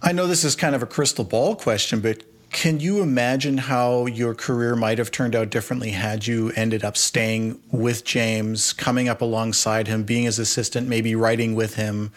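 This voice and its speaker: A man who hosts the interview, asking measured, thoughtful questions. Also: medium pitch, fairly even intonation. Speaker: podcast interviewer.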